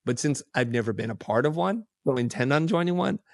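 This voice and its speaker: A man tells stories as a podcast guest and jumps into the voices of the people he quotes. His pitch sits in a middle range. The recording is close and dry. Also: fairly quick, gravelly, dry recording. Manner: animated, acts out quoted dialogue. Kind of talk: casual storytelling.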